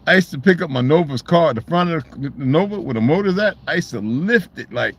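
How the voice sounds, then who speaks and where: A man's voice: fairly high pitch, lively intonation, normal speed, breathy edge. A man talking in a loose, rambling monologue, swearing freely and restarting his sentences. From United States. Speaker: channel host.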